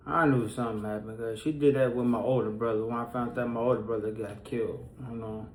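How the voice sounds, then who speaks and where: A man's voice: mid-range voice, steady tone, fast, hardly any pauses, slight background noise. A man shares a painful story from his life in loose, casual speech. He rambles and restarts, with a somber, hurting undertone. His mid-range voice bounces around an echoey room. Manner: rambling, heavy with fillers and restarts; somber, pained retelling of a loss. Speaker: person sharing a personal story.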